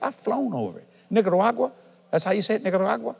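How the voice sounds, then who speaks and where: A middle-aged male preacher with a fairly high voice delivers a folksy sermon in a church. He swings from easy conversational asides to loud, shouted declarations. His voice rings through a large hall with a long reverb tail. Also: wildly swooping pitch, very fast, vocal fry, husky.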